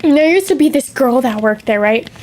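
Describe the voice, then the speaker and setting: A young woman streamer chatting casually, bubbly and excitable, with theatrical gasps and dramatic sighs. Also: sits high, brisk, slight background noise.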